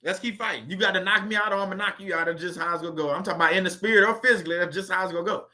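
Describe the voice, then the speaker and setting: Man, high and piercing tone, emphatic faith-based preacher. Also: steady tone, rapid-fire, pushed and bright. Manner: emphatic, repetitive, with rhetorical questions. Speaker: faith-based video host. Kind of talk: preachy motivational monologue.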